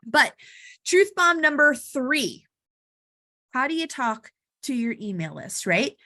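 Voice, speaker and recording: A woman's voice: high voice, sing-song, slow, sharp tone, no echo, clean studio sound. A woman giving casual marketing advice to camera, chatty and blunt, with frequent asides. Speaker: marketing coach. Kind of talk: casual talking-head vlog advice.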